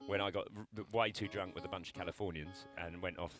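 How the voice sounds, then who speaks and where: A man's voice: deep voice, fairly even intonation, fast, music in the background. A man in a band, rambling through joking stories in casual banter. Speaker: band member. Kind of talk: casual banter between songs.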